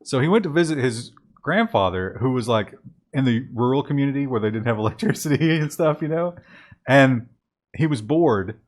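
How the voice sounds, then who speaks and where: A man's voice: mid-range voice, moderate pace. A man co-hosting a casual tech news show, chatting and laughing as he tells stories. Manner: chatty, laughs often, animated storytelling.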